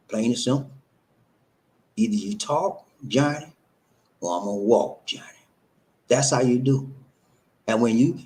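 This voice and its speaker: A man's voice: medium pitch, a little mellow, rough recording. A man hosting a live stream, giving relationship advice in an emphatic, repetitive, preacher-like cadence. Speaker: host.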